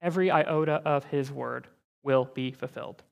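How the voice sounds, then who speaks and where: A man preaching a sermon, teaching in an animated, conversational way and checking in with the listeners with frequent asides. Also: mid-range voice, normal speed, vocal fry, clear, resonant tone, long reverb tail. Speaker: pastor.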